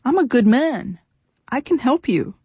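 A woman's voice: high-pitched, sing-song, measured pace, dark tone, breathy edge, dry recording, voice pushed up, full character voice. A woman voicing a desperate, pushy husband who pleads and insists, his voice cracking, in an audiobook reading. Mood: insistent. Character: desperate, pushy, tearful husband, grown man.

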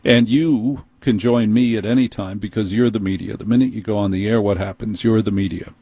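Husky, indignant New York radio host. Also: male voice, on the low side, brisk, no echo, muffled recording. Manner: indignant, animated storytelling. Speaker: radio talk show host. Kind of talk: call-in talk radio monologue. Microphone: studio microphone.

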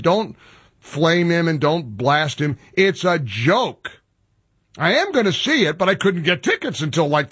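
A man's voice: high voice, a bit bright, slightly rough, dry recording. A man hosting a talk radio show, ranting in an exasperated, sarcastic monologue.

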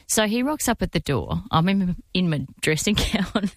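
Lively woman telling a story. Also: on the low side, moderate pace, few pauses, no echo. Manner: animated, laughing storyteller. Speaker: radio host. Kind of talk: casual storytelling chat.

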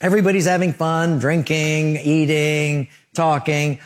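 A male pastor preaching a sermon, telling vivid stories with lively emphasis. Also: fairly high pitch, unhurried, few pauses. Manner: animated storytelling preacher.

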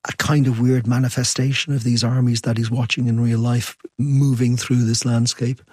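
A man's voice: medium pitch, a little mellow, husky, no echo. A man answering interview questions in a reflective, musing way, then reading aloud from his book. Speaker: author.

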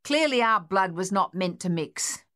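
A woman voicing a harsh, furious, domineering older husband who shouts and blusters, in an audiobook. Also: high-pitched, expressive, measured pace, full character voice. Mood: bitter muttering.

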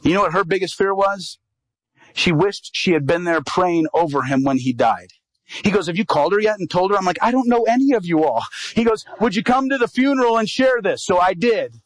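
Animated male evangelist telling a story. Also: a little fast, dry recording, low-quality recording. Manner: animated storyteller, acts out quoted dialogue, rises in pitch at climaxes. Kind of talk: sermon storytelling.

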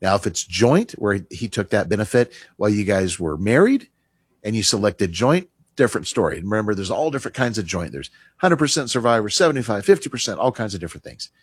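A man's voice: lowish voice, big pitch swings, fast, breathy edge, dry recording. A middle-aged man hosting a radio advice segment on retirement taxes, conversational and emphatic, dropping his voice for asides. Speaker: radio show host, retirement tax advisor.

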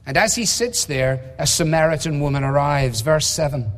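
A man's voice: fairly high pitch, fairly bright tone. Man preaching in a reverberant hall. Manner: measured, emphatic, with rhetorical questions. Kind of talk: expository sermon. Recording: long reverb of a large hall.

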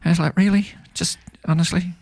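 A man presenting community radio in relaxed on-air chat, laughing often and rambling with fillers. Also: high-pitched, brisk, creaky, no echo.

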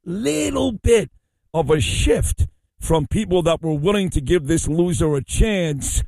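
Blunt talk radio host, dry sound. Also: male voice, on the high side, measured pace, a little mellow, dry recording. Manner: blunt, emphatic.

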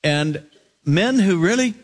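A male pastor preaching, reading scripture aloud and adding expressive asides. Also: high voice, slow pace. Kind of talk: sermon.

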